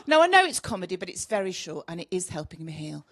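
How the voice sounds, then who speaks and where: Female stand-up, middle-aged, Birmingham accent, brash and bawdy, lively pitch. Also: fast talker, few pauses. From Birmingham, England. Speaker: stand-up comedian. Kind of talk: stand-up routine. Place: comedy club stage.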